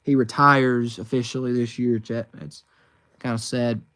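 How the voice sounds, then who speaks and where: A man's voice: mid-range voice, flat delivery, unhurried, a bit bright. A man from the United States chats through a livestream on his phone, reading out viewers' questions. He rambles with plenty of fillers and restarts, in an ordinary mid-range voice. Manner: chatty and rambling, many fillers and restarts, reads chat questions aloud. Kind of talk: casual livestream chat.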